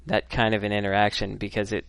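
Smooth-voiced man telling rambling stories. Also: fairly low pitch, completely flat delivery, fast, a bit bright, no echo. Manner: rambling anecdotes with acted quotes. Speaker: podcast co-host. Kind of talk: casual chat.

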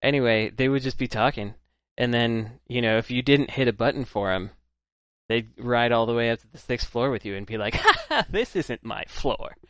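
A man's voice: medium pitch, steady tone, a little fast, smooth, dry recording. A man co-hosting a casual podcast chat, telling rambling anecdotes and quoting people in passing. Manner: rambling anecdotes with acted quotes. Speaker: podcast co-host.

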